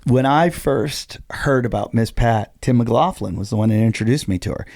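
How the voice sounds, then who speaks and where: A man with a gravelly, fry-laden voice in the middle of the male range, chatting on a podcast. He spins a rambling comic story and voices each person in it as he goes. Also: mid-range voice, moderate pace, darkish tone, no room sound, clean studio sound. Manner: storytelling, acting out both sides of the dialogue; loose, rambling with many fillers. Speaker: comedian. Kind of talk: casual podcast chat.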